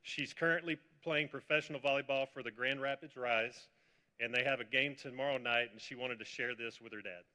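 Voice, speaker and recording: Formal man at the podium, bright forceful tone, echoing hall. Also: mid-range voice, steady tone. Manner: measured, formal speech. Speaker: athletic director. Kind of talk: formal press conference introduction. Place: large hall at a press conference.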